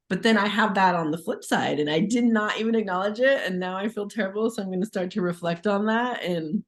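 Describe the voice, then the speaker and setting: Woman, parent, expressive casual chatter on a video call, medium pitch. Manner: animated and self-deprecating, lots of "like". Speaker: parent in a discussion group. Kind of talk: casual group discussion.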